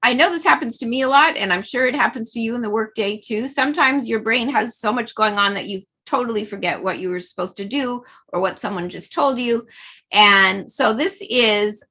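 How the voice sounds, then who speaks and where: A woman's voice: a little high, moderate pace, pushed and bright, husky. A middle-aged woman leading a laughter yoga class, cheerful and full of laughter and chanting. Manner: bubbly, frequent laughter and chanting. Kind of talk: guided group exercise over video.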